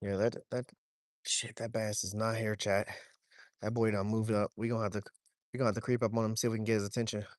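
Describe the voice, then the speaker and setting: A man's voice: fairly low pitch, fast, dry recording. Young guy w aave fishing vlog, talks to chat, cusses a lot, dry close sound. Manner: talks to chat, swears freely, excitable when the fish shows. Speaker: fishing vlogger. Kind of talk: casual vlog narration while wading. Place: outdoors, wading in a shallow creek.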